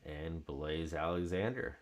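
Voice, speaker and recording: Male card-break host, deep voice, laid-back slow delivery, chatty. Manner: relaxed, chatty, calling out card names as he opens packs. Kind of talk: casual live card-break commentary.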